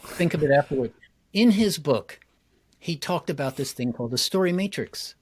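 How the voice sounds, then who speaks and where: A man's voice: fairly high pitch, breathy edge. A man who coaches public speaking, a guest in an interview, talking with energy and acting out his examples. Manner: energetic and quick, acts out examples.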